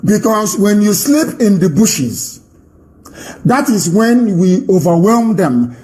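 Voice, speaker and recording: A man's voice: high voice, sing-song, takes it slowly, darkish tone, low-quality recording. A man hosting a live call-in radio broadcast, fiery and emphatic, repeating phrases for stress.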